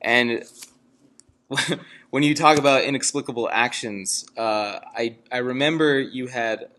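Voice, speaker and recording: A man's voice: mid-range voice, a little slow, bright, forceful tone. Hesitant male interviewer. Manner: hesitant, with many fillers. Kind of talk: interview questions.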